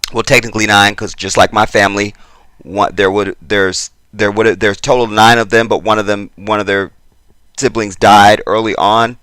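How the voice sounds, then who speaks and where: A man giving a casual commentary to his viewers, exasperated and chatty, jumping between loud emphasis and muttered asides. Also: lowish voice, no room sound. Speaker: YouTube commentator.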